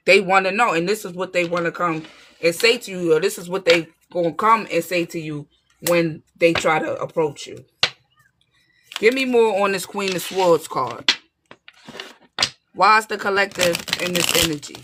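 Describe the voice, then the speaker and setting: Woman tarot reader, bright tone, emphatic and streetwise, casual direct-to-viewer reading. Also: fairly low pitch, fairly quick. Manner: emphatic and streetwise, keeps checking in with listeners.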